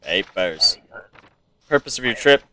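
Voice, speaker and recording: A man's voice: on the low side, animated, measured pace, very noisy. An American man casually commenting to himself while playing a video game. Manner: musing, talking to himself. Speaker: gamer. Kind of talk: let's play commentary.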